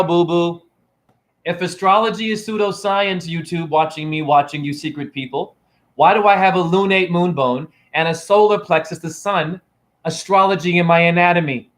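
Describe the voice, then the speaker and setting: A man's voice: high voice, a bit bright. Taunting, preachy man live-streaming. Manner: preachy and taunting, keeps asking "right?". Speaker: self-styled spiritual teacher streaming to a chat. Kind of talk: live-stream rant to viewers. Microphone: phone camera.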